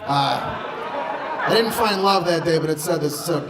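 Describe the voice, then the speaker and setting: A man doing stand-up, telling a story in a loud, punchy way with swearing and acted-out quotes. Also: fairly high pitch, animated, moderate pace, long pauses. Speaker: stand-up comedian. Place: comedy club stage. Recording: roomy club sound with audience noise.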